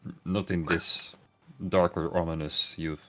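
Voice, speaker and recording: A man running a tabletop game as game master, relaxed and laughing often. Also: deep voice, a little slow, gravelly, faint music behind.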